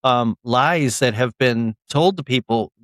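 A young man explains his views earnestly, pausing often with ums and restarting his sentences. His pitch is middling. The sound is dry and close to the mic. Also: a bit bright, dry recording. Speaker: author and guest. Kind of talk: casual interview chat.

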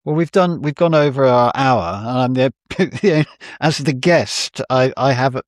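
A man's voice: medium pitch, unhurried, dry recording. Male podcast guest, mid-range voice, dry wit, dry close recording. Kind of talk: casual podcast chat.

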